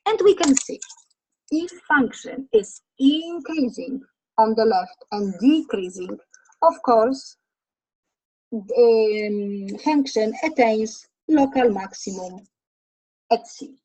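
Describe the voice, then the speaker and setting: Woman math lecturer, high husky voice, step-by-step, asks students questions. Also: lively intonation, takes it slowly, a little mellow, rough recording. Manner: talks through steps, asks students questions. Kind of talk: recorded lecture over slides.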